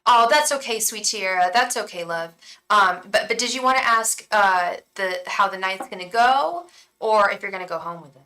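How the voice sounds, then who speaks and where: Bright-voiced chatty young woman tarot reader. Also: medium pitch, moderate pace, rough recording. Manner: chatty and effusive, lots of ums and restarts; repeats incantations in a hushed voice. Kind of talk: live-stream tarot reading chat.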